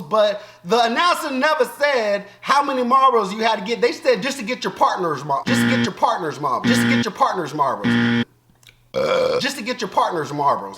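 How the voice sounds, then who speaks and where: A man with a Southern US accent giving animated, joking commentary as a YouTube reaction host, breaking into loud outbursts and laughter. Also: high voice, echoey room. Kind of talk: casual commentary.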